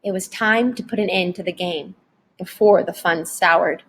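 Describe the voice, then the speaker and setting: A woman narrating a novel chapter aloud in a dramatic, expressive audiobook reading. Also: lowish voice, moderate pace, husky. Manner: dramatic, varied storytelling delivery.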